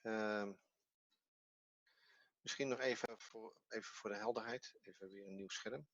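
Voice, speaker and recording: A man's voice: fairly low pitch, fairly even intonation, normal speed, fairly bright tone, lo-fi sound. A man with a Dutch accent, his first language Dutch, teaching an online language lesson patiently and step by step with repetition. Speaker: Hebrew teacher.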